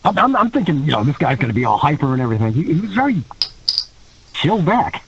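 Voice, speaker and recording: A man, a guest on a podcast, telling a story in a casual, animated way, laughing often and acting out quotes in other voices. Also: a little high, quick pace, gravelly, lo-fi sound, background noise. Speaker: guest wrestler.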